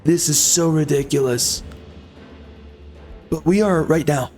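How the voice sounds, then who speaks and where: Angry guy ranting over his gameplay, kinda high voice, faint music behind. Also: measured pace, darkish tone. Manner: angry, minced swearing, rhetorical questions. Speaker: gameplay video host.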